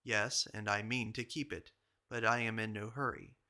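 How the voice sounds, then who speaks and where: A man's voice: on the low side, steady tone, normal speed, bright, forceful tone. A man reading aloud and voicing a jovial old classmate who playfully teases a friend. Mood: teasing. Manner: boisterous, playfully evasive.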